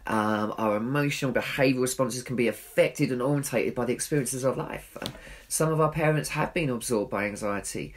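A man speaks at a church in a talk that was recorded. He sounds earnest and pokes gentle fun at himself, and his pitch sits at a middle level for a man. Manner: earnest and self-deprecating, acts out his own inner voice.

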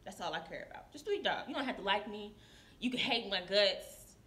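A woman nurse telling a story to camera in casual confessional style, animated and acting out her coworkers. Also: mid-range voice, fairly quick. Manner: animated, acts out coworkers' voices. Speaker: licensed practical nurse. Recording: echoey room.

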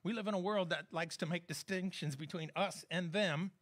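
A man's voice: high voice, moderate pace, fairly bright tone. A man preaching a sermon as pastor, in a conversational, joking manner that keeps checking in with the congregation. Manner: conversational, humorous preaching with frequent audience check-ins.

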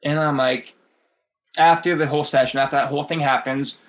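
A man's voice: fairly high pitch, steady tone, a little fast. A man in his thirties, a guest skateboarder, telling rambling stories in a casual interview, laughing often and swearing freely.

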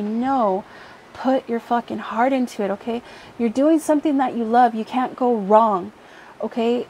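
Woman tarot reader, casual pick-a-card chat, higher-pitched, blunt and profane, faint background hiss. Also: darkish tone. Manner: blunt, frequent swearing, many fillers. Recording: faint background noise, helicopter overhead at times.

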